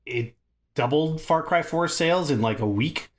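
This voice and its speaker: A man co-hosting a gaming podcast in casual chat, talking in an animated way, swearing freely and laughing often. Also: fairly high pitch, normal speed. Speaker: podcast co-host.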